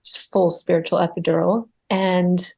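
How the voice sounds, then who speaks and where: A woman guest telling her spiritual birth story in a podcast interview. She speaks earnestly and reflectively, and grows animated when she relives her fear. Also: fairly low pitch, normal speed, vocal fry, breathy edge. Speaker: guest medium.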